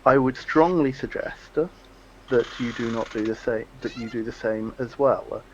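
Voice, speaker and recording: A stately fae diplomat, courteous and carefully formal, as a man plays him. He speaks in a measured, persuasive way. The sound is slightly dull and lo-fi. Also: mid-range voice, fairly even intonation, a little hiss or hum, natural voice. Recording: lo-fi microphone.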